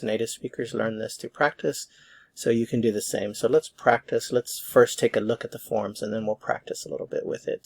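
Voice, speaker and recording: A man teaching a Spanish grammar lesson, explaining step by step in a patient, methodical way and slowly repeating each verb form. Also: medium pitch, gravelly, a little mellow.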